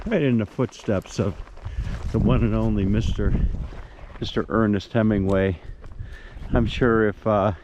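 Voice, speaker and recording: A man's voice: lowish voice, dark tone, dull audio, a little hiss or hum. An older man vlogging by a creek outdoors, talking in a folksy, rambling way and repeating himself. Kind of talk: casual outdoor vlog.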